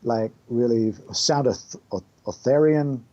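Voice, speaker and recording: Male guest, non-native English speaker, animated storyteller, laughs a lot, mid-pitched voice. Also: slow pace, highs cut off. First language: not English. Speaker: music composer, guest. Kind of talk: casual podcast chat.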